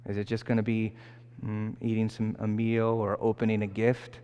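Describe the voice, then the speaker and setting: A male priest telling a story in a homily, with an animated storytelling manner and frequent restarts. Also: fairly low pitch, normal speed, smooth. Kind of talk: sermon. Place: church. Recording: long church reverb.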